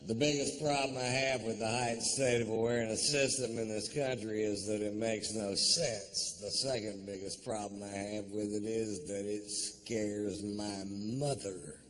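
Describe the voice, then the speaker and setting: A man doing a drawling, profane stand-up comedy routine, rising to shouted punchlines on a theater stage. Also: fairly low pitch, fairly even intonation, measured pace, hardly any pauses, a little hiss or hum. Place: theater stage before a live audience.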